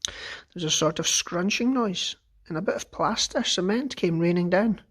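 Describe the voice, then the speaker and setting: Expressive man reading a children's story. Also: high voice, moderate pace, breathy edge. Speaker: teacher. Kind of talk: reading a children's book aloud.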